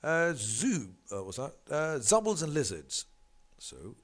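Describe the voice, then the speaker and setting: A man's voice: on the high side, takes it slowly. A man working through exam practice questions as a tutor. He talks in an emphatic way, stumbles and corrects himself often, and keeps repeating catchphrases. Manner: animated, emphatic, repeats catchphrases like "big fat no".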